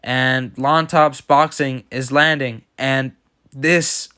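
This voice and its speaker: A man's voice: medium pitch, steady tone, slow, sharp tone, clear, resonant tone. A man giving casual, blunt and opinionated reactions to fight results as commentator. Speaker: MMA commentator.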